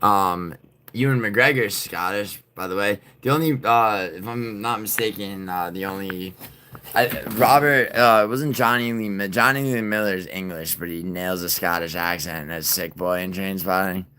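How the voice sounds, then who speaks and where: A man with a very low voice hosts a casual livestream and answers his viewers. He rambles through fillers and swears freely. He often drops to a mumble, then pushes loud and insistent. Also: moderate pace, smooth. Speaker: livestream host.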